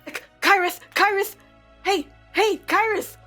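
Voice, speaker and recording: A woman's voice: on the high side, normal speed, a bit bright, faint music behind, natural voice. A woman voicing a huge, earnest young man, a little brother who whines that their mother sent him. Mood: calling out.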